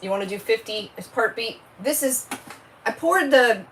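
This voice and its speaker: A woman's voice: on the high side, expressive, moderate pace, fairly bright tone, slight background noise, rough recording. A woman, hosting a casual crafting livestream, chatty and rambling as she greets viewers by name.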